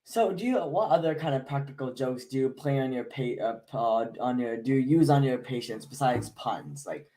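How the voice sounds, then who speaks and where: A man's voice: mid-range voice, animated, moderate pace, few pauses, mellow. Male host, mid-range voice, brief reactive interviewer. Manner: brief reactions and laughing prompts. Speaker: show host. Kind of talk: casual interview chat.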